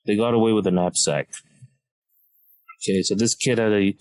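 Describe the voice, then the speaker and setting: A man, a comedian telling a story on a podcast in an animated, self-mocking way and laughing mid-sentence. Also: lowish voice, fairly quick, long pauses, dry recording, poor audio. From Malaysia.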